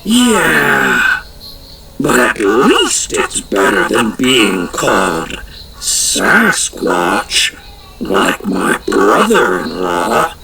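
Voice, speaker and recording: A man voicing a huge, hairy female forest creature who speaks in a deep, gravelly voice and grumbles slowly about being misquoted. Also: huge pitch swings, over a noisy crowd, exaggerated voice, poor audio. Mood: grumbling. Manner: slow, grumbling and put-upon.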